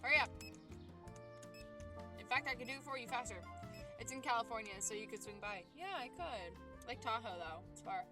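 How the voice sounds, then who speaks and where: Young woman game streamer, chatty and bubbly, fairly high voice, clear game music underneath. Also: steady tone, fairly quick, long pauses. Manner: chatty, bubbly, talks to chat while playing. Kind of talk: casual livestream chat.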